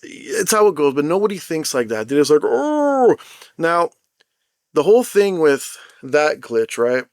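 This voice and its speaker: A young man on an unscripted vlog rant, rambling and swearing freely as he tells his story with plenty of animation. His voice sits a bit higher than most men's. The sound is close and dry, with no room echo. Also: lively intonation, moderate pace, few pauses. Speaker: mobile game content creator.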